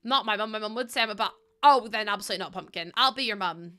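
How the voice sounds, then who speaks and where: A woman's voice: medium pitch, fast talker, sharp tone. A young woman chatting casually and rambling while she streams a game, often breaking into giggles. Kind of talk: casual chat while gaming. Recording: music playing behind.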